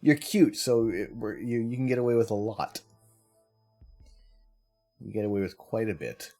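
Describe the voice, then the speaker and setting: Low-voiced man chatting on a live stream. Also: moderate pace, warm tone, soft background music. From Canada. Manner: chatty, greets viewers by name, laughs often. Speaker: livestream host. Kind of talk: casual live-stream chat with viewers.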